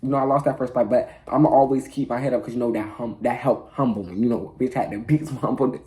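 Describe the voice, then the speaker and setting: A man's voice: mid-range voice, fairly even intonation, quick pace, mellow. A teenage boy telling a story about himself in casual, slangy talk, laughing at his own antics. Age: teens. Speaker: vlogger.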